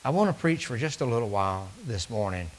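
A man preaching a sermon, telling stories and swinging between loud calls and hushed asides. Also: mid-range voice, expressive, fast talker, slight background noise, low-quality recording.

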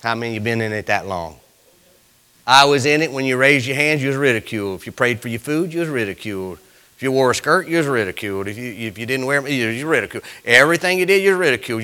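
Lively preacher man, bright voice. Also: mid-range voice, fast, smooth. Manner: folksy storytelling preaching, swelling to shouts. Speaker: pastor. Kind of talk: sermon.

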